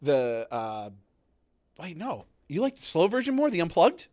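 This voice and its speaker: A man co-hosting a podcast, talking in a rambling, animated way with many restarts. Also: a little high, unhurried. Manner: rambling, self-interrupting, animated. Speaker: podcast co-host. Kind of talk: casual podcast chat.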